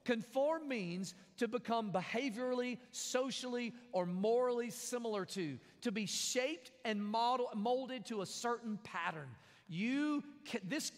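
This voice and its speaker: Man, sermon, high voice, long church-hall reverb. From American South. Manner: conversational preaching with jokes and repeated phrases. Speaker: pastor.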